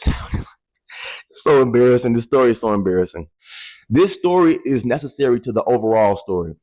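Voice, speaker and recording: Addressing viewers directly, a twentysomething man animatedly and candidly shares something personal, with casual swearing. He has a medium-pitched voice, and the audio carries no room sound.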